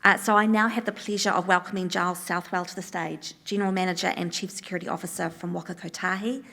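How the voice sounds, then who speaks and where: Gravelly woman moderating a session. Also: on the low side, steady tone, fast talker, bright, forceful tone. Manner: hesitant, with filler sounds. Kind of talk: introducing speakers.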